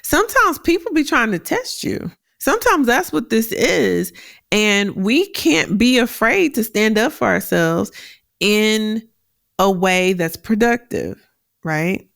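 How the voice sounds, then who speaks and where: A woman hosting a career advice podcast, talking directly with a deep voice that carries, animated and quick to laugh. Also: creaky, no echo, clean studio sound. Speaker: podcast host.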